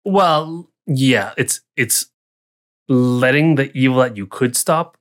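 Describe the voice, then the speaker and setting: A man co-hosting a casual chat about tabletop roleplay, joking and quick to laugh. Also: medium pitch. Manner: joking, quick to laugh, short agreeing replies. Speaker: co-host.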